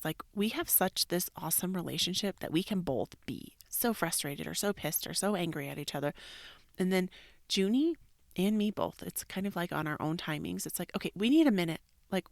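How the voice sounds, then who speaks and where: Woman podcast host in her 30s or 40s, low gravelly voice, candid and casual, with whispered asides. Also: no echo. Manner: candid and loose, drops into soft whispered asides, swears casually. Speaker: podcast host, yoga teacher. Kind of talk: casual reflective monologue.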